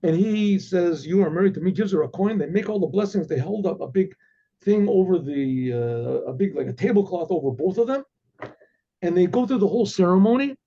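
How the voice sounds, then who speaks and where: A male rabbi tells a story in a loose, conversational way, doubling back on his words. His voice is high pitched yet dark and husky. It comes through a dull, lo-fi recording. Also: animated, moderate pace. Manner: conversational, repeats words as he goes.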